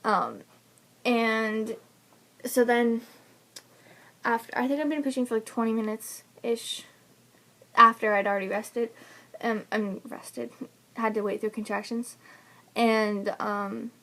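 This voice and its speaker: A woman's voice: on the high side, steady tone, slow, long pauses, sharp tone. A young woman casually telling the story of giving birth, chatty and laughing often between fillers. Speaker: new mother telling her birth story. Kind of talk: casual personal vlog storytelling.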